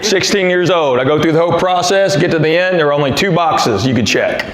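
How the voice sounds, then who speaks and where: A man's voice: on the high side, lively intonation, brisk, echoey room, rough recording. A middle-aged man doing a stand-up comedy set, telling stories and working the crowd. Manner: storytelling, quoting voices, working the crowd. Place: big theater stage. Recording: live theater, loud crowd noise. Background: audience laughter and applause.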